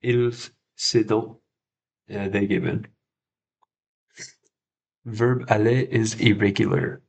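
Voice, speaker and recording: Slow gravelly low-voiced man. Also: steady tone. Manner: thinks aloud, repeats words while checking himself. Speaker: French learner and livestream host. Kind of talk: casual livestream study session.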